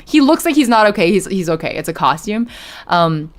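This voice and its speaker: A woman's voice: mid-range voice, sing-song, a little fast. A young woman streamer chatting casually with her viewers, giggling often and reading chat aloud.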